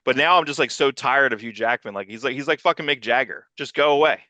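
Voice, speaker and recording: A man co-hosts a comics podcast in loose, profane, rambling chat and acts out the people he quotes. His voice is bright and forceful. It sits dry and close to the mic. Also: mid-range voice, quick pace, no room sound. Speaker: podcast co-host and producer.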